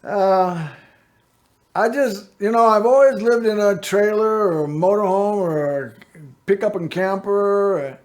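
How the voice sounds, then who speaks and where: Slow-talking folksy man, high voice. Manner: folksy, meandering storytelling with frequent "you know" and "anyway". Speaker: host of a local access TV show. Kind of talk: rambling personal monologue to camera.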